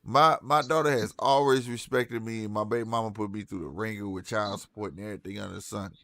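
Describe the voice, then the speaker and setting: A man's voice: fairly low pitch, fairly even intonation, fast talker, a bit bright, no room sound. A man in his forties telling blunt, profane stories in casual podcast chat.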